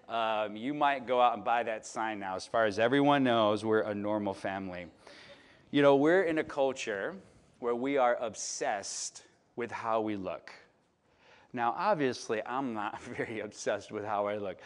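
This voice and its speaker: A man in his late thirties from Chicago gives a conversational sermon. He tells stories to his congregation in a loose, chatty way, full of "you know" and "right?". His voice sits at an ordinary pitch for a man. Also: measured pace, clean tone. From Chicago, United States. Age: late 30s. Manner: chatty, filler-heavy, asks the audience "right?".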